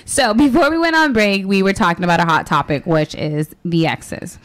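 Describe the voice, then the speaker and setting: A young woman hosting a radio talk show, chatting casually and fast with a lot of fillers and giggles. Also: medium pitch, a bit bright.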